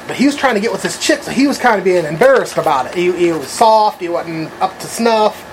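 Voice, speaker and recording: A man's voice: high voice, expressive, fast, few pauses, slight background noise, poor audio. A man telling a crude, rambling anecdote in casual chat, swearing freely and laughing at his own story.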